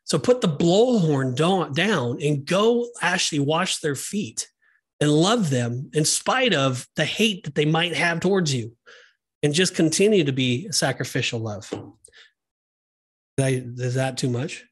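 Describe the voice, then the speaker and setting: A man co-hosting a faith podcast, talking in an earnest, emphatic, animated way. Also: a little high, unhurried, slightly rough. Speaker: podcast co-host. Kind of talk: casual faith discussion.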